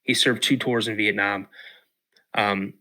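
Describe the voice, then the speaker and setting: A man's voice: on the low side, unhurried. A middle-aged man, a podcast guest, telling a story casually with lots of repeats and restarts. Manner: animated, repeats words and restarts.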